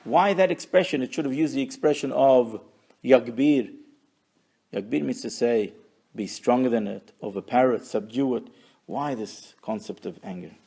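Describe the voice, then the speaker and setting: A man's voice: mid-range voice, gravelly, warm tone, slightly rough. A man teaching a Torah lesson, reading Hebrew phrases and translating and explaining them with wry asides.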